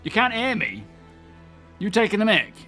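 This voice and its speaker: A man's voice: high voice, very animated, normal speed, bright, forceful tone, soft background music. A young man streaming a game, chatting casually and greeting his viewers by name. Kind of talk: casual live-stream chat.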